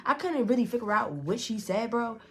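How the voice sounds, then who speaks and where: A young woman tells a story straight to the camera in a casual vlog. Her talk is fast, profane and animated, in a fairly high voice.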